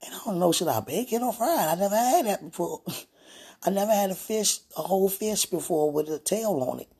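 A woman talking aloud in a casual, rambling way, drifting between hushed and loud. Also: medium pitch, lively intonation, fairly quick, slightly rough. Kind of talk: casual spoken prayer and chat.

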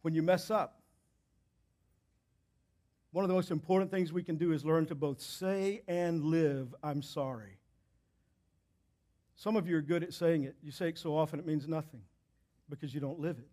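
A man's voice: on the high side, fairly even intonation, normal speed, long pauses. Man preaching with emphatic repetition. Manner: emphatic, repeats key phrases, swings from loud to hushed. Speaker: pastor. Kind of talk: sermon. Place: church.

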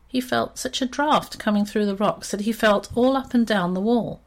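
A woman reading a children's story aloud in an expressive, steady storytelling manner. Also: mid-range voice, moderate pace, few pauses.

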